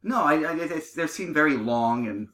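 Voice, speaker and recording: Man doing a clumsy eager chat show host, bright voice, roomy room sound. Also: fairly high pitch, lively intonation. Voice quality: blunt, quick to apologize. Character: eager, awkward male talk show host. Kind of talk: improvised comedy sketch.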